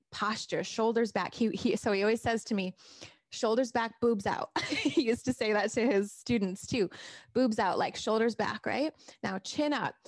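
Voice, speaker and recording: A weight loss coach in middle age talks loosely to her live-stream viewers, going back over sentences and reading out what they comment. The studio-quality camera-mic recording has no echo and carries her mid-range voice.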